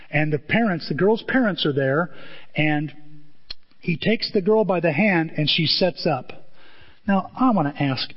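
A male pastor preaching an animated sermon, acting out scenes in different voices. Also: a little high. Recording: dull recording in a large reverberant hall.

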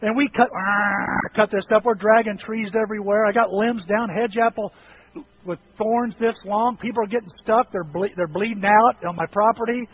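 A high-voiced middle-aged man preaching a sermon, telling animated stories and joking about himself. His voice swings up into sharp peaks when he makes a point. The recording is dull and carries a faint hiss. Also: moderate pace. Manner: animated storytelling, self-deprecating humor. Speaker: pastor. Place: church sanctuary.

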